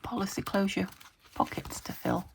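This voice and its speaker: Gravelly-voiced woman chatting while crafting. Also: medium pitch, level tone, moderate pace, a little hiss or hum. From United Kingdom. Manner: chatty and meandering, talking to herself while working. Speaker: crafting video host. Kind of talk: casual crafting chat to camera.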